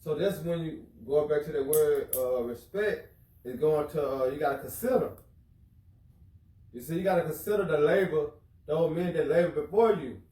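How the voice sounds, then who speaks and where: A man's voice: on the high side, normal speed, warm tone, roomy sound, distant mic, poor audio. A man teaching in an informal religious lesson, casual, who keeps asking listeners if they follow him. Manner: casual, keeps asking "you know what I'm saying?".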